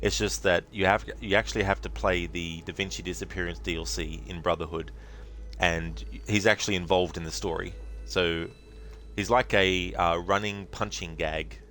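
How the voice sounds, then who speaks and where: A man's voice: deep voice, steady tone, moderate pace, fairly bright tone, slight background noise. A man streaming a game live, chatting casually and rambling with plenty of fillers while thanking his viewers.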